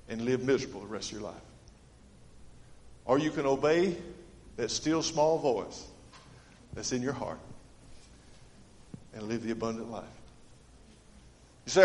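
A man preaching a sermon to his congregation, earnest and dynamic, swinging from loud appeals to hushed, quiet lines. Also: fairly high pitch. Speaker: pastor. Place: church. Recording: long reverb of a church sanctuary.

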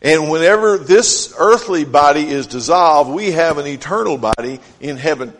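A pastor preaching a sermon who reads scripture aloud and drives home each point with short repeated phrases. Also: male voice, a little high, animated, normal speed. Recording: long hall reverb.

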